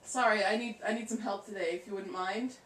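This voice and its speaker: A woman's voice: mid-range voice, steady tone, a little fast, a bit bright, a little hiss or hum. A woman in her twenties answering viewer questions in a casual vlog, with a jokey, sarcastic manner. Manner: sarcastic, jokey, self-mocking.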